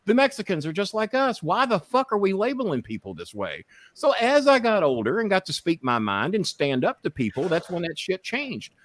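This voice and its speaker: A man with a high voice speaks at normal speed with hardly any pauses, and there is no room sound. He is a podcast guest telling candid, profane, impassioned stories that turn heated and animated as he rants.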